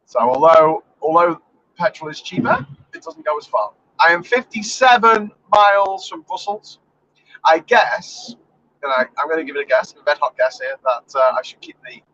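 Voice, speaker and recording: A man's voice: a little high, fairly bright tone, highs cut off. Sarcastic man chatting while driving. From England. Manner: sarcastic, rambling, swears casually. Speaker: vlogger. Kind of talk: casual live-stream driving monologue. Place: inside a car while driving.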